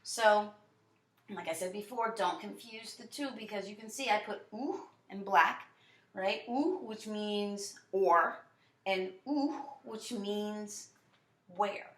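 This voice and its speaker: A woman's voice: medium pitch, steady tone, slow pace, a bit bright, reverberant. A woman teaching a language lesson to a class, explaining step by step with frequent fillers and checks like "right?". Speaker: French teacher.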